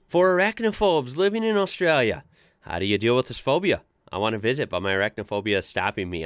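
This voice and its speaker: An American man hosting a casual reaction video, chatty and quick to laugh as he reads posts aloud. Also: mid-range voice, a bit bright, clean tone, no echo, clean studio sound. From United States. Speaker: reaction channel host.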